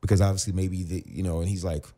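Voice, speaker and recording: A man around forty with a deep, mellow voice tells a story as a podcast guest. He acts out each side of the conversations in lively fashion, recalling his days as a football player turned actor. The voice is low and warm throughout. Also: quick pace. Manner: animated storyteller who acts out both sides of conversations. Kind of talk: casual storytelling interview.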